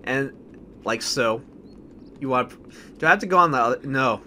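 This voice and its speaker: A young man hosting a blind let's play, rambling and flustered, with many restarts when he gets excited. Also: mid-range voice, moderate pace, pauses often, slight background noise.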